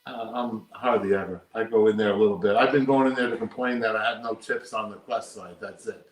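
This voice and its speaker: A man's voice: fairly low pitch, steady tone, brisk. An older man, a poker player, talking casually and emphatically in an interview, repeating his points. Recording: roomy echo.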